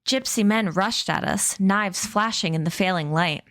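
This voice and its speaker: A woman streamer narrating a novel aloud in a steady, even reading voice. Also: mid-range voice, measured pace, no echo, studio quality. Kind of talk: read-aloud storybook narration.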